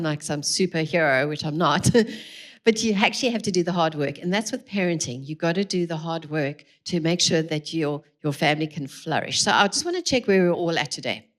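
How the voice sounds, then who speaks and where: A middle-aged woman giving an earnest, encouraging talk to a live audience at a church parenting evening, speaking into a mic through a PA. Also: low voice. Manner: earnest, encouraging, addresses the room directly. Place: large room with a live audience.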